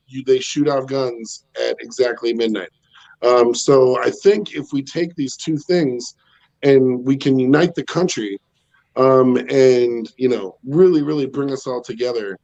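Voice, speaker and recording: Guy in his 30s doing stand-up from home over a video call, loud bassy voice, rambly with lots of ums, kinda dull lo-fi sound. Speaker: stand-up comedian.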